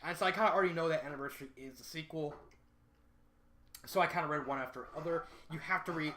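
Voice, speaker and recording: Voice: medium pitch, fast, sharp tone, a little hiss or hum. A fan fiction reviewer talking through a casual spoken review, rambling and correcting themself, hammering points home by repeating them. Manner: rambling, frequent self-corrections.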